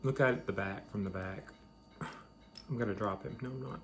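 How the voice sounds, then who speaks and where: A man's voice: on the low side, moderate pace, fairly bright tone, a little hiss or hum. A man hosting a home video, chatting casually and rambling between bites of food. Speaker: vlog host. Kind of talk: casual chat while eating.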